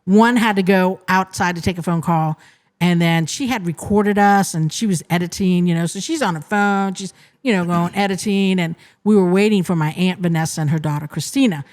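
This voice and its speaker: A woman guest on a podcast retelling an experience in an animated, casual way, often restarting her sentences. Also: lowish voice, normal speed. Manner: animated retelling, frequent restarts and "you know". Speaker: interview guest, restaurant co-manager. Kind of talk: casual storytelling.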